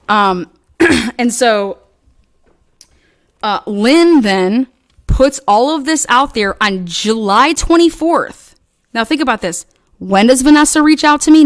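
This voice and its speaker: A woman casually recounting online drama in a rambling, profane way, acting out quoted lines in animated bursts. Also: medium pitch, no echo, studio quality. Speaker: online commentator.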